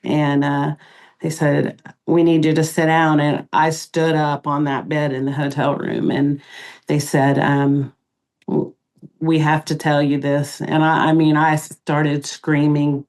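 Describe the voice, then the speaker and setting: A middle-aged woman, a podcast guest, recounting events in an emotional interview, halting with many pauses and fillers. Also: low-pitched, completely flat delivery, a little mellow.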